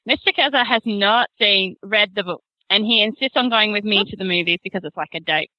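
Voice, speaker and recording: A married woman telling a story in casual chat, chatty and quick to laugh. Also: medium pitch, sharp tone, no room sound, rough recording.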